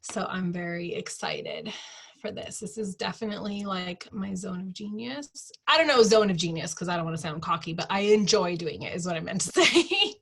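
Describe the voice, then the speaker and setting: A woman hosting a team training call over video, talking in a chatty, upbeat way with quick asides. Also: on the low side, lively intonation, vocal fry, a bit bright, husky. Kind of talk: casual online tutorial chat.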